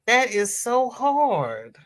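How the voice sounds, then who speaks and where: Hosting a casual crochet livestream, a middle-aged woman reads viewer comments aloud, effusive and affectionate, calling people "girl" and "honey." She draws out her words, laughs a lot, and jumps high in pitch when excited.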